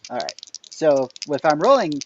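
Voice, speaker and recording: A man's voice: on the high side, huge pitch swings, moderate pace, highs cut off, heavy background noise. A man playing a tabletop game, with dry, wry banter. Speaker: player.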